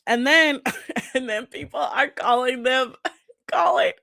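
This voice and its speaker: A woman co-hosting a podcast, talking excitedly and laughing as she chats. She is from the United States. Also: high-pitched, measured pace, gravelly, no room sound, clean studio sound. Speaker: podcast co-host. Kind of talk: casual chat.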